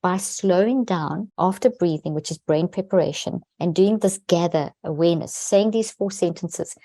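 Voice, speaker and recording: A woman's voice: lowish voice, moderate pace, dark tone, no room sound. A woman guest on a podcast interview, a neuroscientist explaining techniques in an earnest way and pressing key words.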